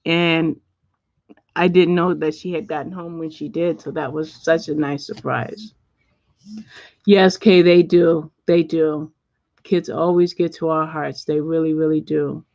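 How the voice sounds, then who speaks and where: A middle-aged woman hosting a casual livestream, chatting and reading viewer comments out loud at home. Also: deep voice, fairly even intonation, a little slow, dry recording. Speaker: livestream host. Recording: dull lo-fi dry sound.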